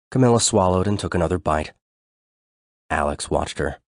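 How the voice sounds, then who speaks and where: A man reading an audiobook in a measured, steady scripted narration. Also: deep voice, no echo, clean studio sound.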